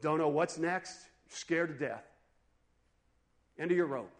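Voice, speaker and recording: A man preaching a sermon in an animated, conversational way, asking his listeners questions. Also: fairly high pitch, unhurried. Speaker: pastor.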